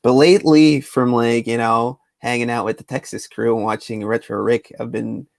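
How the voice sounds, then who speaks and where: A man hosting a livestream in easygoing chat, halting and repeating himself as he talks. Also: mid-range voice, vocal fry, dry recording. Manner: relaxed, halting with fillers and repeats. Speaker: livestream host. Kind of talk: casual chat.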